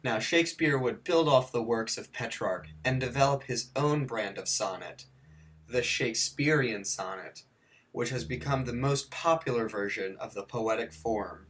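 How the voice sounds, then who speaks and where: A man's voice: mid-range voice, a bit bright. A man narrating a scripted video lesson, slipping in dry jokes and mock self-corrections. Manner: counts and spells out points slowly. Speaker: teacher.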